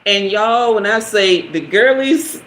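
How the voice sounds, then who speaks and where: A woman's voice: medium pitch, slow. Woman in her 50s spilling a story to her live chat, lots of laughing, echoey room, faint hiss. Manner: lively, chatty, laughs often, addresses viewers directly. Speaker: host of a live tarot stream.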